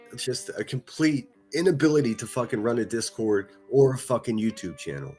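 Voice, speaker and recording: Husky, profane ranting man. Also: mid-range voice, expressive, moderate pace, darkish tone, faint music behind. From northern United States. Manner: profane, mocking, combative. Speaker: livestreamer. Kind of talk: ranting livestream chat.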